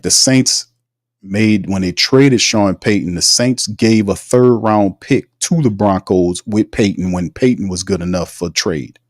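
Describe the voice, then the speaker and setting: A man hosting a casual sports commentary livestream, slangy and animated, greeting viewers in the chat. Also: on the low side, dry recording, studio quality. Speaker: host.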